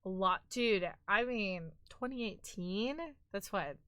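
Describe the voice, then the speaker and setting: Bright, playful woman streamer. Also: mid-range voice, takes it slowly, clear, resonant tone, no echo. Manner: playful, teasing, mock-dramatic. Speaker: livestream host. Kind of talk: casual chat with viewers.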